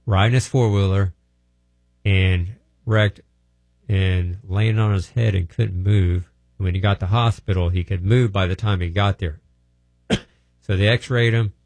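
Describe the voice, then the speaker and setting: A man's voice: sits low, creaky, a little mellow, dry recording. A man telling healing testimonies in a plainspoken, folksy, rambling way. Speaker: healing ministry speaker. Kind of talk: testimony storytelling.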